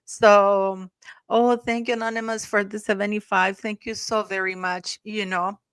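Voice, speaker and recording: A woman's voice: mid-range voice, flat delivery, moderate pace, fairly bright tone, clean tone. A chatty woman talking on a live stream, thanking viewers and laughing often. Her voice sits in the middle of a woman's range. The sound is dry and close, with no room echo. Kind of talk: casual chat.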